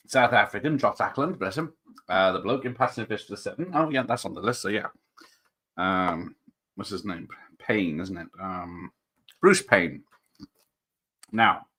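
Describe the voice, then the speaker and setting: A man's voice: on the low side, sharp tone. A man hosting a live stream and chatting casually, rambling and reading out viewer comments.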